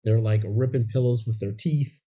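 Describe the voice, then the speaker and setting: A man's voice: medium pitch, normal speed, mellow, dull audio. A man co-hosting a podcast, recapping a movie scene by scene and acting out the characters' lines. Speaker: podcast co-host. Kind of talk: casual movie recap chat.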